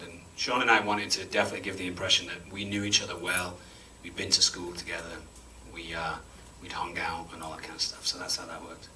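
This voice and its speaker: A man, an actor answering audience questions after a screening, chatty and self-deprecating and quick to laugh. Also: low-pitched, flat delivery, pushed and bright. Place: cinema auditorium before an audience. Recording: distant mic with faint room noise.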